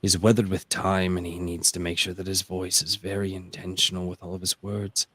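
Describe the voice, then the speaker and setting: A man voicing a weathered, tired old man who speaks slowly and chooses every word with care. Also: low voice, little pitch movement, a bit bright, no echo, voice pushed down. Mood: weary. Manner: slow, intentional delivery.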